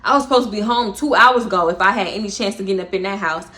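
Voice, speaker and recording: A young woman vlogger casually telling a storytime, animated and slangy, swearing and laughing as she goes. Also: medium pitch, rapid-fire.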